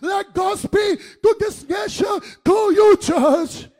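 High-voiced man preaching with passion. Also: slow. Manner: impassioned preaching, swinging between shouting and hushed speech. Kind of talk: sermon.

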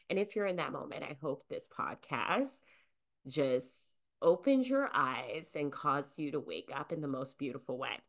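A gentle, nurturing woman hosts a self-help podcast, speaking slowly and without hurry. Her voice sits a little low but rises and falls expressively. She sounds to be in her thirties. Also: lively intonation. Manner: gentle and nurturing, with unhurried soft emphasis. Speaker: podcast host.

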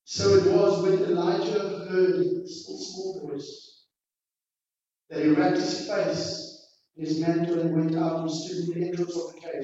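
A pastor preaching a sermon, pushing hard on his exhortations and then dropping to quiet, dramatic lines. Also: high-pitched, little pitch movement, measured pace. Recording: distant, echoey hall, dull sound.

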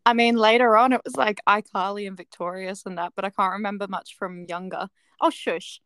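A woman's voice: medium pitch, steady tone, a little fast, a bit bright, clean tone, no echo. Young Australian woman, dry replies. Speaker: podcast guest. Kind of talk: casual chat.

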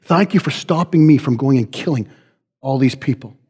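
A man's voice: mid-range voice, moderate pace, darkish tone, breathy edge, lightly acted. A man voicing an earnest young male warrior leader, speaking emphatically in a raised voice. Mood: grateful.

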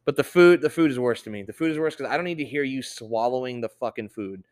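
A man's voice: medium pitch, quick pace. Profane ranting young man host. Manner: profane, ranting, loud outbursts. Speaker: podcast host. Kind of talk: casual podcast chat.

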